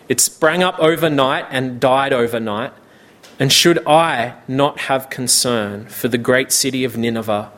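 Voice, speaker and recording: Guy preaching a sermon real slow, measured, chatty asides. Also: medium pitch, fairly bright tone. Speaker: pastor.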